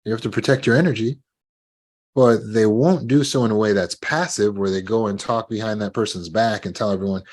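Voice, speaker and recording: A man giving a talk on trauma recovery, calm and gentle, now and then acting out short sample dialogues. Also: lowish voice, moderate pace. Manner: gentle, acts out sample dialogues with lively shifts. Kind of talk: instructional talk.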